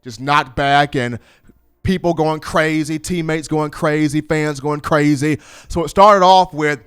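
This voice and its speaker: A man hosting a sports talk show, talking in an animated, playful storytelling manner. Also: fairly high pitch, measured pace, clear, resonant tone. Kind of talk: energetic sports talk commentary.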